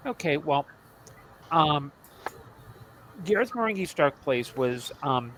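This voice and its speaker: Rambling man with a higher voice. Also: sing-song, slow, fairly bright tone, a little hiss or hum, rough recording. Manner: rambling, with frequent restarts and asides. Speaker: podcast co-host. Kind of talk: casual podcast chat about old TV series.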